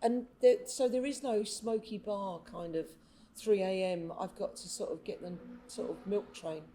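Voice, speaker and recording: A woman hosting a casual chat, welcoming and quick to joke. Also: mid-range voice, dark tone, a little hiss or hum. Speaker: podcast host.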